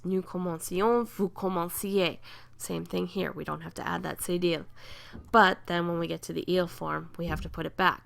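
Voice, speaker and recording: A woman teaching a French grammar lesson, explaining rules patiently and slowly drilling verb conjugations. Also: fairly low pitch, gravelly, fairly bright tone.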